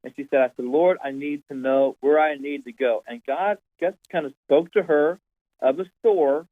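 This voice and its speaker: A man, a pastor, telling an animated story in casual conversation, often repeating his words. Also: fairly high pitch, moderate pace, no echo. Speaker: pastor, guest. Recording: tinny phone-like line, dry.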